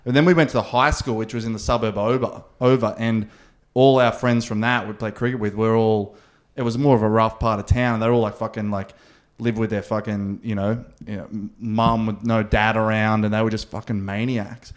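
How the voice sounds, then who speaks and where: A man's voice: fairly low pitch, flat delivery, fairly quick. A young man telling rambling, sweary stories in a casual podcast chat.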